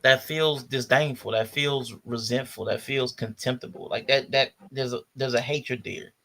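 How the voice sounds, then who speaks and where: Gravelly-voiced man giving blunt commentary. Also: medium pitch, steady tone, normal speed, fairly bright tone, a little hiss or hum. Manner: blunt, disdainful, repetitive emphasis. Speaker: podcast host. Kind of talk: casual commentary on clips.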